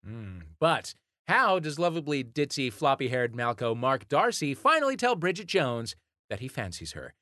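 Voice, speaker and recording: A man hosting a comedy quiz show in a studio, talking in animated, exasperated rants. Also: mid-range voice, normal speed, no echo. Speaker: quiz host.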